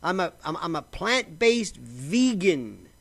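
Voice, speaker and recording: A man talking casually to camera from a simple home setup in a rambling, animated way, often restarting his sentences and sipping coffee as he goes. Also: sits high, slow pace, creaky. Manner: slurps coffee while talking. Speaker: vlogger.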